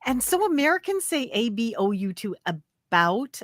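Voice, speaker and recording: A woman chatting as a guest in an animated, giggly way during a casual live conversation. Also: fairly high pitch, normal speed, no room sound.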